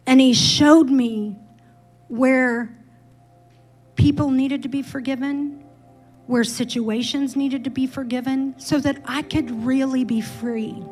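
A woman's voice: high-pitched, slow pace, long pauses, faint music behind, low-quality recording. A middle-aged woman pastor giving a candid, personal sermon testimony with emphatic build-ups.

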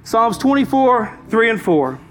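A man's voice: very high voice, big pitch swings, measured pace. A pastor preaching a sermon, emphatic, repeating his key lines and calling out to the congregation, with faint music behind him. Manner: emphatic preaching with repeated phrases and call-outs.

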